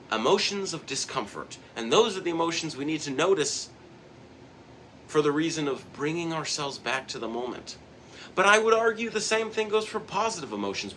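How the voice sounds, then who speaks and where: A man's voice: a little high, pushed and bright, a little hiss or hum. A man hosting a motivational self-help talk, speaking earnestly and repeating words for emphasis. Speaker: host.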